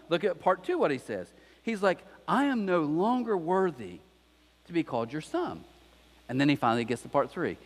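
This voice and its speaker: A man preaching a sermon in a church, telling a story with lively acted-out voices. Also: a little high, big-room sound. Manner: animated storytelling, acts out voices of characters. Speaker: pastor. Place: church auditorium.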